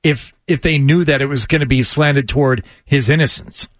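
A man's voice: medium pitch, moderate pace, no room sound. A man co-hosting a radio show in a studio, joking and skeptical in casual banter. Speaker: radio co-host.

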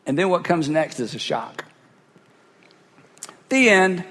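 A pastor delivering a sermon through a cheek-worn headset mic, swinging from loud bursts to hushed asides as he acts out voices. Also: high voice, very animated, takes it slowly, long reverb tail. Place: large church hall.

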